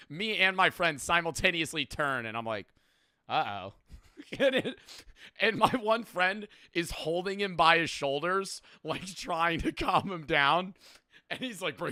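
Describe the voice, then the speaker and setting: A young man streaming, telling stories in a rambling, profane, animated way. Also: fairly high pitch, no room sound, studio quality. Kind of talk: casual reaction stream storytelling.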